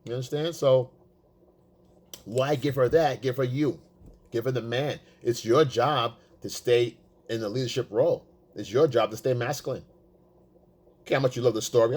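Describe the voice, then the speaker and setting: A man giving casual, profane dating advice, emphatic and blunt, acting out quotes in a high voice. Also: a little mellow, slightly rough. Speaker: dating coach. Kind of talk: casual coaching monologue.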